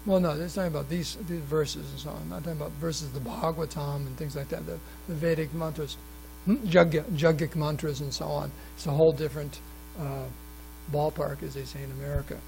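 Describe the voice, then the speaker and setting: A man's voice: a little high, little pitch movement, brisk, vocal fry, darkish tone, a little hiss or hum, rough recording. A man giving a scripture class, reading passages aloud and adding asides and questions for the audience, often restarting his sentences. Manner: frequent restarts and fillers. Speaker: class speaker at a temple. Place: temple hall.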